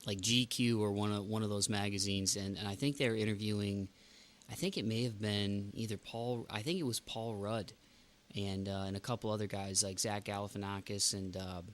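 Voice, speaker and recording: A man's voice: lowish voice, fairly even intonation, moderate pace. A man hosting a podcast, in casual playful chat with a friend. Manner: playful, jokey, slips into silly voices. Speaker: podcast host.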